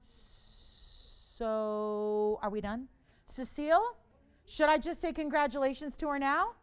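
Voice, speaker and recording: A woman hosting a live TV jewelry shopping show, pitching an auction in a chatty, playful way, laughing often and urging bidders on. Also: slow. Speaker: TV shopping host. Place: TV studio.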